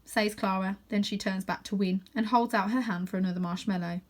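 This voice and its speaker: Calm woman reading a storybook aloud. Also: mid-range voice, brisk. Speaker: storybook reader. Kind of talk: reading a children's novel aloud.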